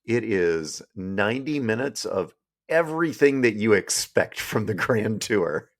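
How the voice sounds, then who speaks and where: A man's voice: lowish voice, animated, unhurried. A man co-hosting a podcast, chatting casually and joking, trailing off with fillers. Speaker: podcast co-host. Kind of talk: casual chat.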